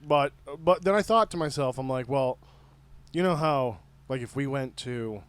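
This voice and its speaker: A man co-hosting a podcast, laid-back and agreeable, tossing in quick quips. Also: medium pitch, clear, resonant tone, no echo. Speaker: podcast co-host. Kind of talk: casual chat.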